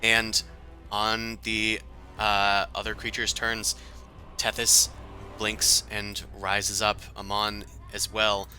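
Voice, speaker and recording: A man with a low, very bright and forceful voice narrates a tabletop game as game master. He describes the scene at length and pauses often on fillers, with faint music playing behind him. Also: completely flat delivery.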